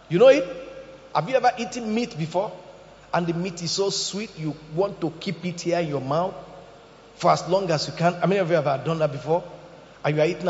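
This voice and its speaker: A man preaching a sermon in an animated way, shouting out quotes and laughing along with the room. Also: on the high side, slight background noise. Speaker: pastor. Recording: echoey hall, dull lo-fi sound.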